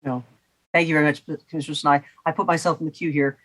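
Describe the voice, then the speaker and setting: A woman chairing a public commission meeting, polite and measured, with frequent fillers. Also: sits low, steady tone.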